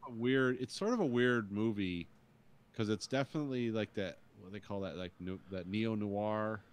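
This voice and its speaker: A man's voice: fairly low pitch, moderate pace, clear, resonant tone, no echo. A man co-hosting a podcast, chatting casually and rambling about a movie with some swearing. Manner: laid-back, rambling, profane. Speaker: podcast co-host.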